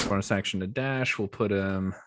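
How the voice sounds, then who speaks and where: A man narrating combat as game master of a tabletop game, pausing with frequent fillers. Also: on the low side, noisy background. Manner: halting, many uh fillers while narrating action.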